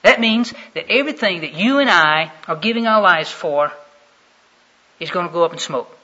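High, bright-voiced male preacher. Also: lively intonation, moderate pace. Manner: dramatic swings from hushed to loud. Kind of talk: sermon. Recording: dull lo-fi recording.

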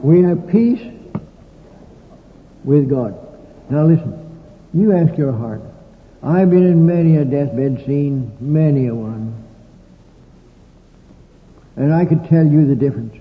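A man's voice: on the high side, expressive, slow pace, pauses often. An older man preaching a sermon in a folksy storytelling manner with dry humorous asides. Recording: tinny, echoey old hall recording.

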